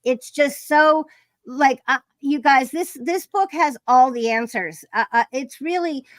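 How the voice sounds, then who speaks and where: A podcast host with a high-sitting voice runs a live-streamed interview, unhurried yet chatty and effusive, with many fillers and restarts. There's no echo in the recording.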